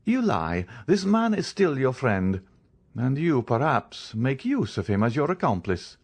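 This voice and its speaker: A man's voice: mid-range voice, very animated, a little slow, husky, pitched above the performer's own voice, full character voice. A man reading the part of a stern, commanding count disguised as a priest, questioning in an audiobook. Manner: commanding, interrogating.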